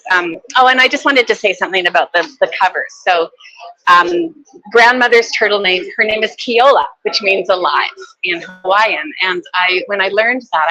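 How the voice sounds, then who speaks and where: Bright-voiced woman telling her story. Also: fairly low pitch, poor audio. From Canada. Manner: gentle, earnest storyteller. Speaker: children's book author. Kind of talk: reading aloud and presenting her book. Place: book fair booth.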